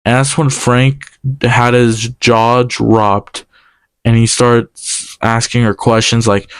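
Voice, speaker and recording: Young man telling a story, smooth voice. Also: medium pitch, no room sound. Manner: animated, quoting others in quick exchanges. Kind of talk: casual personal storytelling.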